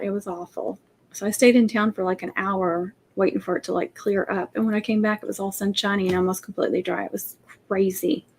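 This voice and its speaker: A woman hosting a craft livestream, chatting in a soft, rambling way. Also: mid-range voice, rough recording. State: emotional, near tears. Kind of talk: casual livestream chat.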